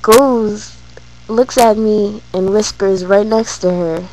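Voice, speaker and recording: A woman's voice: mid-range voice, fairly even intonation, slow, a little mellow, slight background noise, low-quality recording. A woman vlogging, telling a personal story in a hesitant way with many fillers.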